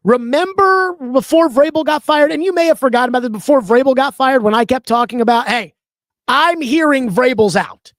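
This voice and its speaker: A man's voice: very high-pitched, fast talker, hardly any pauses, a bit bright, no room sound. A man hosting a sports talk show, giving opinionated commentary in an emphatic, conversational way and stretching out key words.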